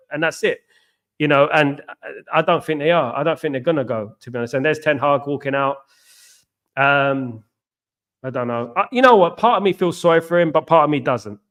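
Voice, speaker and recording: Exasperated host, slightly high voice. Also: male voice, a bit bright. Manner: exasperated, talks to live chat. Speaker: watchalong host. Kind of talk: casual live football chat.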